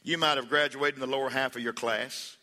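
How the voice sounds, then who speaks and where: A man's voice: mid-range voice, fairly even intonation, a little fast, bright, forceful tone. A man preaching a sermon as pastor, building to fervent peaks, calling on the congregation to answer back, and telling folksy jokes and stories. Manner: preaching with rising fervor, calls for congregation responses; folksy humor and storytelling. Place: church hall. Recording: echoey hall reverb.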